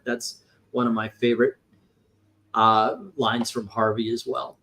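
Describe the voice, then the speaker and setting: A man co-hosting a casual chat about classic films, animated and swearing casually, at times reading movie quotes aloud. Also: medium pitch, a little slow. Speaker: podcast co-host.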